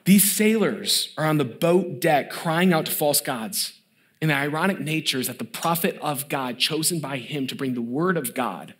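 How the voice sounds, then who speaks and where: A pastor in his thirties preaches an emphatic sermon that keeps building, dropping to a low hush on key words.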